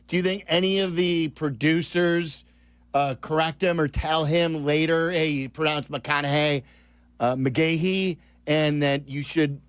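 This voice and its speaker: Radio sports host guy, chatty, a bit high voice, dry close mic. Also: steady tone, unhurried, smooth, no echo. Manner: chatty, asks lots of questions. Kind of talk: sports talk radio chat.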